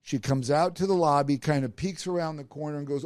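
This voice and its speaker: A man's voice: fairly high pitch, a little fast, no echo, studio quality. A middle-aged man, a podcast host, telling a personal career story and acting out the voices of the people in it. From Nebraska. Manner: animated, acts out quoted voices.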